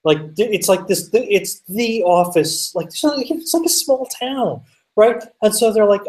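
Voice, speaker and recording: A man telling a story as a guest, animated, full of fillers and swearing. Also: high-pitched, moderate pace, recorded from a distance, rough recording. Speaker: podcast guest. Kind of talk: casual storytelling.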